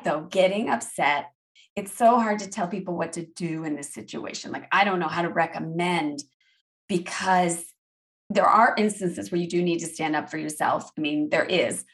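A woman hosts an interview conversation, answering her guest with sympathy and validation. Her voice is on the low side for a woman. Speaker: podcast host.

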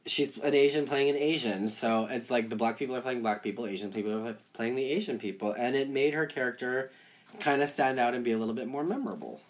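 Relaxed man chatting about a show. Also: mid-range voice, fast. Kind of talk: casual chat recapping a TV show.

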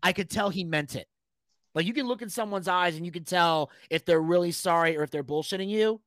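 A man casually telling a story, animated, swearing freely and shouting out the lines he quotes. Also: high-pitched, a little fast, dry recording. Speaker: podcast guest telling a story.

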